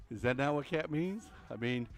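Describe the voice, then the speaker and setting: A man's voice: a little high, a bit bright. A middle-aged man hosting a casual gaming stream, chatty and joking, with lots of fillers. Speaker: streamer and host.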